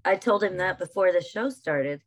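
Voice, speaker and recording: Female podcast guest, very low voice, bawdy playful humor, dry sound. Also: lively intonation, moderate pace, no room sound. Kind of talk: casual chat.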